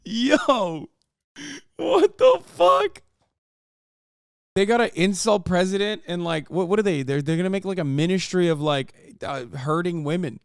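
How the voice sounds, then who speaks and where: Man ranting profanely, crisp dry voice. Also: high voice, fairly quick, hardly any pauses, no room sound. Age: 30s. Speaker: streamer reacting to a video. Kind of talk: casual livestream commentary.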